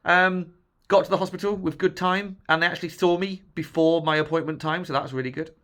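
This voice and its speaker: A man with a bright, ringing voice, talking straight to camera. He tells his stories casually, full of self-mocking jokes. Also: a little high, steady tone, a little fast. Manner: jokey, self-mocking, chatty with laughs. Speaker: vlogger sharing his health journey.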